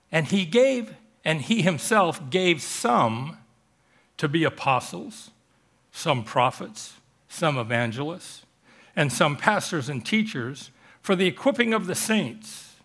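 A male pastor preaching a sermon in church, telling stories and jokes and slowing down on emphatic phrases. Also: on the high side, big pitch swings, fairly bright tone. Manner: joking, storytelling preacher with emphatic slowed phrases. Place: church service.

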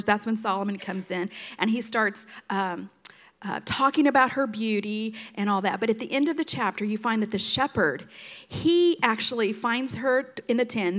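Woman, Bible teacher, conversational, expressive retelling, slightly high voice. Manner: chatty and expressive, retells scripture in her own words with many fillers.

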